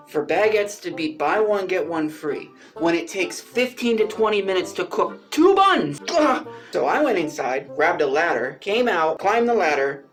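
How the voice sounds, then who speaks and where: A man vlogger telling a personal story in a casual way, animated and exasperated, swearing freely and pushing his pitch up for emphasis.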